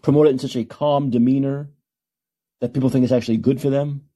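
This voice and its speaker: A man's voice: mid-range voice, fairly even intonation, fast talker, dark tone. A man hosting a call-in podcast, ranting emphatically and repeating himself for effect. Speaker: podcast host.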